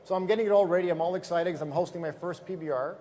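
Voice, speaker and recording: High-voiced, energetic man coaching a crowd. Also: rapid-fire. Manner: energetic storyteller, asks the audience questions. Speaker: business trainer. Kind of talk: motivational seminar talk.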